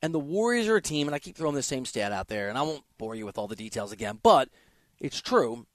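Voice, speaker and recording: A man's voice: medium pitch, sing-song, fast, no room sound. A man hosting a sports talk show, giving an emphatic, opinionated monologue with offhand asides.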